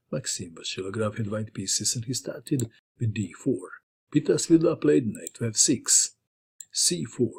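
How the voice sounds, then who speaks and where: A man's voice: mid-range voice, creaky, husky. A man narrating a chess game move by move, with playful asides, as host of a chess lesson channel. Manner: lively, playful move-by-move commentary.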